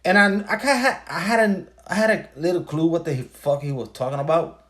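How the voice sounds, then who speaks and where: A man's voice: fairly high pitch, a little fast, a bit bright. Profane man ranting in a story. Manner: profane, emphatic, storytelling with rhetorical questions. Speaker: podcast host. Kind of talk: casual ranting monologue.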